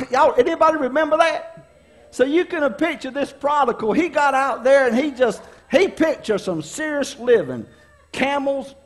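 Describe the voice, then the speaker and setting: A middle-aged pastor from preaches with a notably high-pitched man's voice. He tells folksy, funny stories from his own life, rising and dropping for dramatic effect as he draws the lesson. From North Carolina, US. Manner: folksy, humorous storyteller with dramatic swings in delivery. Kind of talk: storytelling sermon.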